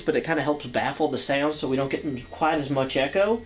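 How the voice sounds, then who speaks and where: A man's voice: mid-range voice, moderate pace, hardly any pauses. A man hosting his own video, rambling casually over Minecraft gameplay with self-deprecating jokes. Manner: excited, upbeat office tour. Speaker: host.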